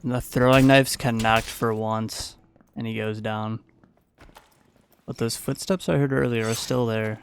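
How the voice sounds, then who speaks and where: A man's voice: medium pitch, fairly even intonation, unhurried, creaky, a little hiss or hum. A man giving a casual, playful play-by-play voice-over of his own gameplay as a gaming YouTuber.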